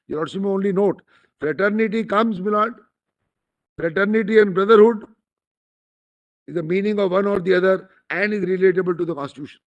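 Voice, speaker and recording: A man with an Indian accent argues formally before judges, deferential and emphatic, constantly addressing the bench. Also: high-pitched. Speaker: lawyer arguing before a bench. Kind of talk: formal courtroom argument. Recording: dull lo-fi courtroom recording.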